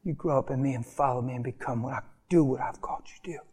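A man preaching, voicing God as a soft, low, fatherly voice that gently corrects him. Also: quick pace, slightly rough, natural voice. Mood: gentle correcting.

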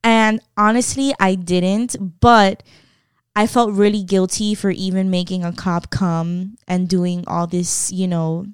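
Animated profane young woman, smooth voice. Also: mid-range voice, takes it slowly, no echo, studio quality. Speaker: storyteller. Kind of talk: casual storytime.

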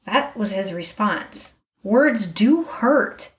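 A woman's voice: medium pitch, unhurried, fairly bright tone, recorded from a distance. A middle-aged woman hosting a podcast, speaking candidly and reflectively straight to her listener. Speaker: podcast host. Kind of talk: personal reflective monologue. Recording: roomy echo, a little off mic.

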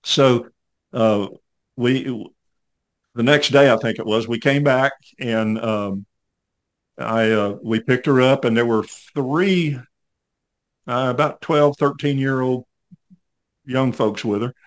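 A man's voice: medium pitch, steady tone, slow, long pauses. An older man hosting a podcast, telling a story in a folksy, rambling way with many fillers. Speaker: podcast host. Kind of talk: casual storytelling interview.

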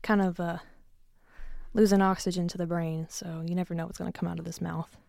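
This young woman's voice is fairly low, gravelly and a little mellow, moving little in pitch as she talks fairly quickly. Hosting a casual solo podcast from her basement, she's chatty, self-mocking, profane and short of breath, recorded in studio quality with no room sound.

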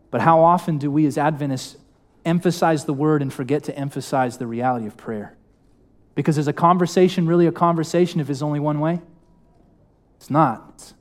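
A man's voice: a little high, darkish tone. Young man preaching conversationally. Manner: conversational, asks the congregation questions. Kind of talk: sermon. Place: church hall.

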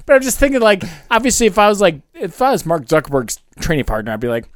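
A man chats on a podcast in a high, animated voice, rambling through stories and breaking into laughter, with plenty of swearing. The sound is dry and close. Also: fast, no room sound. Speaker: podcast co-host. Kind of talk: casual chat.

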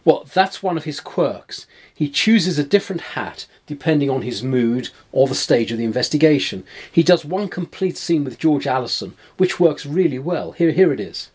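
A man co-hosting a podcast, calmly retelling a film plot in a measured storytelling way. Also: fairly high pitch, husky. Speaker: podcast co-host. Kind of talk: film discussion chat.

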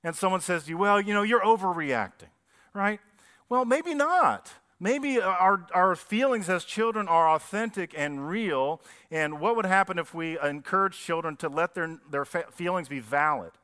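A man's voice: on the high side, normal speed, few pauses, sharp tone, smooth. A man preaching a sermon as pastor, talking conversationally and asking the congregation questions. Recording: long reverb of a church hall.

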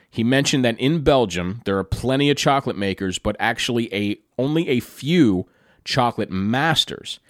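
A man's voice: medium pitch, no echo, studio quality. A man from Pennsylvania, telling the story of a trip in a chatty, enthusiastic way with asides to the listener. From Pennsylvania, USA. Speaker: travel storyteller. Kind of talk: casual travel recap narration.

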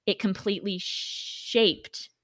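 A woman's voice: mid-range voice, fairly even intonation, slow pace, a bit bright. A woman co-hosting a podcast, telling stories in an earnest, motivational way. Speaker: podcast co-host. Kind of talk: casual chat.

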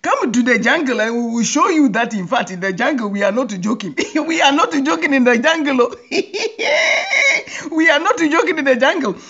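Woman host, comic monologue, lively pitch, laughing, dull lo-fi sound. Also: moderate pace. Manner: laughs often, teasing and animated. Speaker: podcast host. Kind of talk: humorous commentary monologue. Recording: dull lo-fi recording.

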